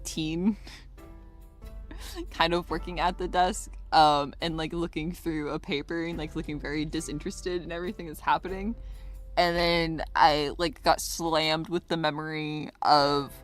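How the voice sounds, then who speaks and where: A woman game master narrating a tabletop scene at an unhurried pace. Her voice sits a little low, and she hesitates and giggles as she describes things. Soft music plays faintly in the background.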